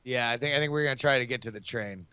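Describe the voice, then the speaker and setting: Brief: male player, bright crisp voice, wry jokes, dry lo-fi recording. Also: medium pitch, fast, no room sound. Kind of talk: tabletop game play.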